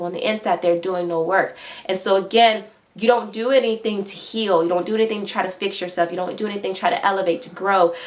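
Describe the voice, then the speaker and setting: A woman's voice: a bit bright, slight background noise, poor audio. A woman coach speaking directly to viewers, who repeats her phrases and asks "right?" as she explains. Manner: acts out quoted voices with raised pitch. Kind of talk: instructional talk to viewers.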